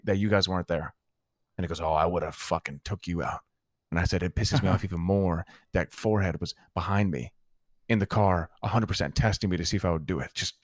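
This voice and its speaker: Playing a gang member in an online roleplay, a man tells a friend a heated, profanity-filled story of what happened. His voice sits low, and the recording is dry and clean, with studio quality.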